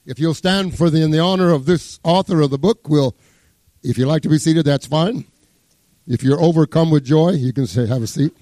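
A man preaching a sermon as pastor, fervent, swinging between loud exclamations and hushed asides as he reads scripture. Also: on the high side, moderate pace, no room sound. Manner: exclaims praise words, reads scripture aloud.

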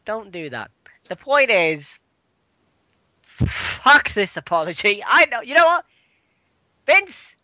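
A woman's voice: mid-range voice, very animated, slow, long pauses, bright, forceful tone, no room sound. An English woman chatting casually, ranting with lots of swearing. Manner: sweary, ranting, laughing often. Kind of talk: casual chat.

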